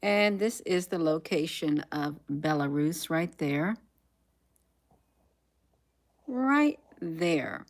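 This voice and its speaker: A woman's voice: low-pitched, lively intonation, slow. A woman hosting a casual livestream, reading headlines aloud, musing to herself and trailing off with frequent ums. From United States. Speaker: livestream host.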